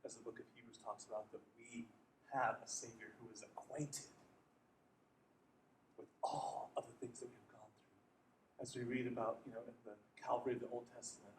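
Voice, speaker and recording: Earnest pastor preaching in an echoey church. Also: male voice, mid-range voice, little pitch movement, moderate pace. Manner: earnest storytelling with rhetorical questions. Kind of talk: sermon. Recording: echoey hall, distant mic, faint noise.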